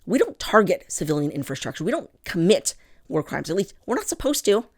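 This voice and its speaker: Brisk and very animated, this woman has a fairly low voice with a darkish tone. She hosts a political commentary show, talking directly to camera with fervor and heavy emphasis and addressing everyone as "people."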